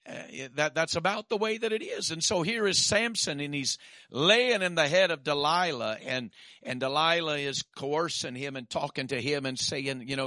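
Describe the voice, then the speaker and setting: Male preacher, stammering restarts that build to forceful declarations, bright high-leaning voice, dry sound. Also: moderate pace, no room sound. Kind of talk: sermon.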